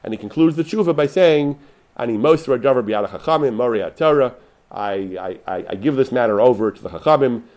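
A man's voice: mid-range voice, animated, brisk, darkish tone. A man giving an unscripted Torah lecture, paraphrasing Hebrew sources with frequent restarts and fillers.

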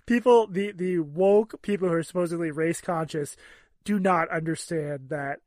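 Sardonic man, high voice, dry sound. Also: no room sound. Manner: animated, sardonic, quick to laugh. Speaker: podcast co-host. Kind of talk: casual chat.

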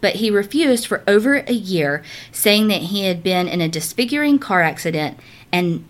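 A woman with a mid-pitched voice co-hosting a casual podcast. She reads stories aloud with animated, gossipy energy and drops the odd swear word. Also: moderate pace. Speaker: podcast co-host. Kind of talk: casual chat, reading listener stories.

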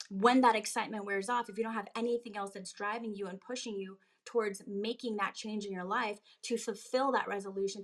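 Talking on a live video through her phone, this fitness coach motivates her audience emphatically, her delivery climbing toward a pitched, pressing urgency.

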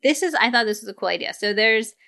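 A woman's voice: a little high, expressive, quick pace, vocal fry, bright, forceful tone. A woman hosting a podcast, chatting casually and enthusiastically about gift ideas, often laughing. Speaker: podcast host.

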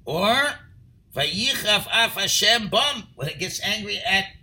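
High, bright-voiced man teaching Torah. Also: animated, slow pace, low-quality recording. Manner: reads Hebrew phrases then translates, rising to near-shouting emphasis. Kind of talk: text study class, reading and translating.

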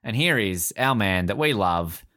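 A podcast co-host with a fairly low voice talks a little slowly, recorded in clean studio sound with no echo. He chats casually about a film, laughing often and animatedly quoting lines in put-on voices.

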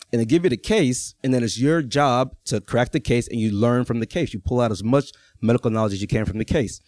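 A man's voice: mid-range voice, a little mellow, no echo, studio quality. Chatty storyteller man checking in with listeners. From Texas, USA. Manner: conversational, keeps checking in with the audience. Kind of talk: live personal storytelling.

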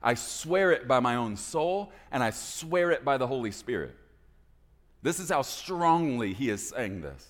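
Impassioned pastor preaching in a reverberant hall. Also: male voice, mid-range voice, big pitch swings, measured pace. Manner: impassioned, swings from loud pleading to hushed intensity. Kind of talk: sermon.

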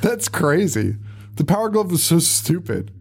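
A male podcast co-host recapping a film in casual chat, laughing often, swearing and acting out characters in quick voices. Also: a little high, sing-song, husky.

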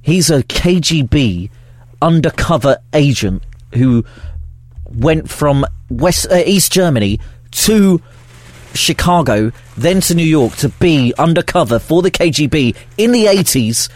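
Dry-humoured podcast co-host. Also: male voice, fairly high pitch, expressive, measured pace, no echo. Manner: dry, teasing banter. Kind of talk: casual chat.

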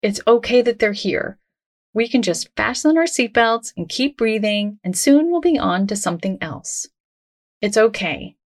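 A woman hosting a self-help podcast, talking in a gentle, reassuring, conversational way. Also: fairly high pitch, lively intonation, unhurried. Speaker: podcast host.

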